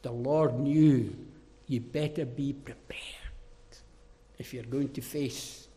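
A man preaching a sermon, emphatic and forceful, dropping into low mocking asides. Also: fairly even intonation, slow pace. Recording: reverberant hall.

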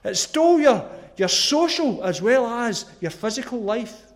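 A man's voice: extremely high pitch, big pitch swings, a little slow. A man from Scotland with a Glasgow accent preaching a sermon, earnest and emphatic, asking the listeners questions. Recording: long echoey hall reverb.

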